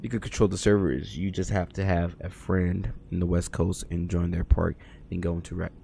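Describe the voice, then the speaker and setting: A man live-streaming a game, chatting casually and profanely with his viewers, swinging from low muttering to loud excited outbursts. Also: moderate pace, creaky, slight background noise. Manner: slangy and profane, talks to chat by name. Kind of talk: casual live-stream chat while gaming.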